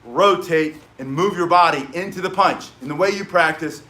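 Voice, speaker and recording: Man, high voice, blunt, emphatic, storytelling self-defense teacher. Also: moderate pace, bright, forceful tone. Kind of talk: casual spoken teaching with stories.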